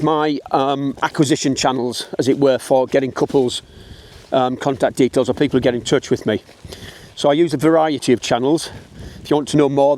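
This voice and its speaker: A middle-aged British man, a wedding photographer, records a casual walking vlog, speaking bluntly and chattily to camera as he heads uphill outdoors, slightly out of breath. His voice is mid-range and a little mellow.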